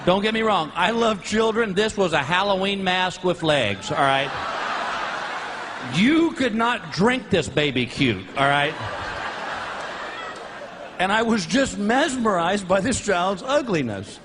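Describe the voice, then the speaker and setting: A middle-aged man doing a stand-up comedy set, telling stories with loud whooping outbursts. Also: sits high, very animated, takes it slowly, long pauses. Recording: live show with audience noise.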